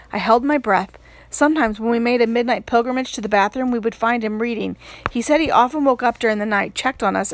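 A woman narrating an audiobook in a steady, measured voice, pitched somewhat high. The recording is close and dry, with no room sound. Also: no echo. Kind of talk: audiobook reading.

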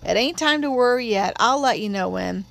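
A woman's voice: animated, normal speed, creaky, fairly bright tone. A woman reading an audiobook, voicing a worried young boy who looks after his little sister, in an urgent, anxious, raised voice. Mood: reassuring. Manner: urgent, anxious, high-pitched. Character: worried young boy, protective older brother.

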